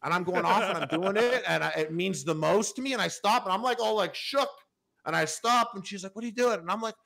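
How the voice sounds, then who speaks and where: A young man in his twenties tells a story to friends on a podcast. His voice sits a little high, and he rambles, restarting sentences and filling gaps with "like" and "you know.". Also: brisk, vocal fry, sharp tone. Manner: rambling, lots of fillers and restarts. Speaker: podcast host. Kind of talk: casual storytelling.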